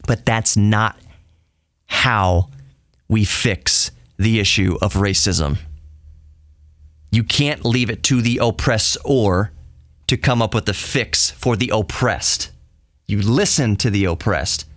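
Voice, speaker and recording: A man's voice: on the low side, takes it slowly, long pauses, fairly bright tone, no echo, studio quality. A man hosting a podcast, talking in an earnest and heated solo monologue, often repeating and restarting his phrases. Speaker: podcast host.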